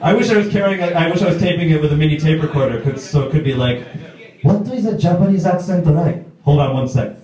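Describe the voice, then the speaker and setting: Guy doing standup in a pub, rambly, somewhat high voice, super echoey. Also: rapid-fire, darkish tone. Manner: chatty, hesitant with fillers. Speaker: stand-up comedian. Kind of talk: stand-up set. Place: small pub stage. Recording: echoey pub room, mic far off.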